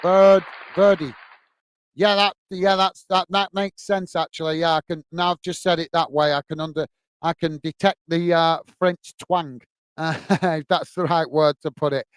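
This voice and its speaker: Upbeat high-voiced stream host. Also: male voice, fairly even intonation, normal speed, fairly bright tone, clear, resonant tone, no room sound. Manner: upbeat, repeats thanks and stock phrases. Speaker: host of a football fan channel. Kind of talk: live stream chat reading out viewer comments.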